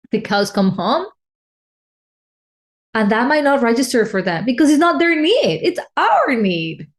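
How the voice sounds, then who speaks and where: A woman life coach talking about personal needs and connection in a solo podcast, heartfelt and emotional, often restarting phrases. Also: on the high side. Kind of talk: reflective solo podcast talk.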